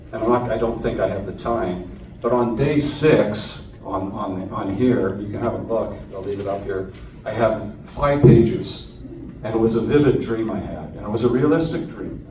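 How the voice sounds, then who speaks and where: Before a live audience, a man from Canada with a fairly low voice relates his captivity in an earnest, conversational personal storytelling talk marked by frequent restarts. It was captured on a phone from the audience, so the recording is muffled, distant, and echoey in a hall, with a noisy background.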